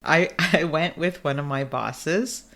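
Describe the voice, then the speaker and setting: Brief: an effusive woman host with a lowish voice who chats and laughs easily over a video call. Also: slow pace, fairly bright tone. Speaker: podcast host. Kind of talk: casual interview.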